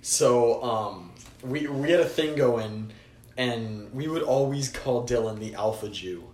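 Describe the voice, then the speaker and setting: A teenage man co-hosting a casual chat podcast, telling stories loudly with swearing and bursts of laughter. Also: mid-range voice, slow pace. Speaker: podcast co-host. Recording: echoey room, faint noise.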